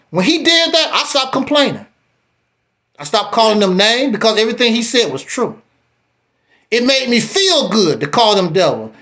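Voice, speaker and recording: Pitched high, a man relates his own story on a live stream with animated energy, saying things more than once. He then takes a blunt challenge to the other speaker.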